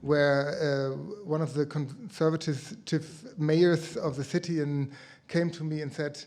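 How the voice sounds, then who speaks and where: Male conference presenter, slightly high voice, halting delivery, pauses to find words. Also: flat delivery, darkish tone. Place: conference breakout room.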